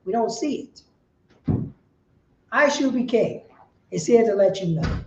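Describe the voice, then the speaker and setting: A woman preaching on the street, firing rhetorical questions and bursting into shouts. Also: mid-range voice, animated, measured pace, roomy sound, muffled recording.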